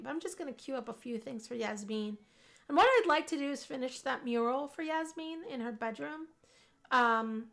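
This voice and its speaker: A woman's voice: fairly high pitch, creaky, fairly bright tone. A woman chatting casually as she plays a life-simulation game, upbeat and talkative, often repeating her own words for emphasis. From Puerto Rican family. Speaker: gaming video host. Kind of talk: casual Let's Play commentary.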